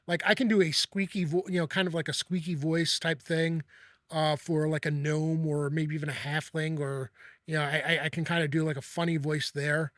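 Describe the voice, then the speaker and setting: A man with a slightly raised voice leads a casual chat. He talks in halting bursts, repeating words and restarting sentences. The sound is dry, with no room echo. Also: a little high, fairly bright tone. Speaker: host.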